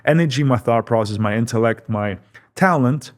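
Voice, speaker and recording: A man who founded a company tells his story as a podcast guest, keeping the interview casual, pausing to reflect, and doubling up words for emphasis. He speaks at a medium pitch and normal speed.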